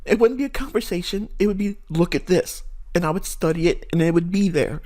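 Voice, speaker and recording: A man's voice: sits high, fast, mellow. Fervent, preachy man with a raised voice. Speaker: forex trading channel host. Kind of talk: impassioned monologue to viewers.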